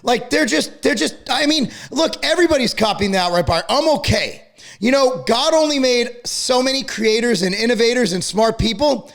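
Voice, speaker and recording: Angry high gravelly-voiced man ranting. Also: animated, a bit bright. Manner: angry, profane, rapid ranting. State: worked up, yelling. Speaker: fitness company owner and channel host. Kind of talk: ranting vlog to camera.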